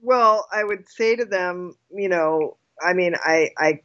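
A woman guest telling a personal story in casual conversation, animated and quick to laugh, often restarting her sentences. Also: fairly low pitch, dull audio.

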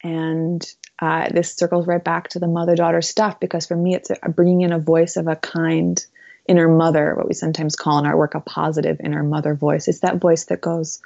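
A woman's voice: low voice, completely flat delivery, fairly quick, vocal fry, a little mellow, no room sound, highs cut off. A woman speaking as an interview guest, earnest and reflective, with many fillers. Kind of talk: conversational interview.

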